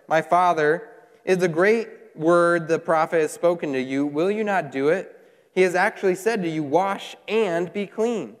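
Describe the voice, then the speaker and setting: A man preaches a sermon in a fairly high voice. He reads scripture and breaks into lively asides, acting out the characters. His voice rings with the long reverb of a big hall. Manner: animated, voices the characters while retelling.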